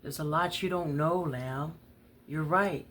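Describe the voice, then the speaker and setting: A woman's voice: low voice, a little slow, slight background noise. A woman storyteller voicing a hardened woman in her thirties on the run, talking bluntly in street slang. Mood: resigned. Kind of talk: dramatic story reading.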